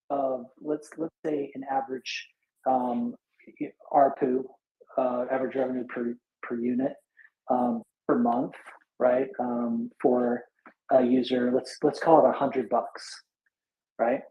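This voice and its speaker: A gravelly-voiced man in a live audio chat room, worn out from a sleepless night, thinks out loud through casual rough calculations, stopping and starting with many fillers. His voice is mid-range, the room echoes, and the highs are cut off.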